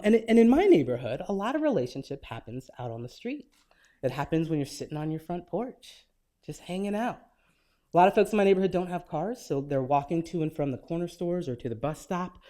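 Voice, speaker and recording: Man, 40s, guest lecturer, mellow warm tone, easygoing storytelling, light humor. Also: a little high. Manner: relaxed, conversational storytelling with gentle humor. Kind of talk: lecture told through personal anecdotes.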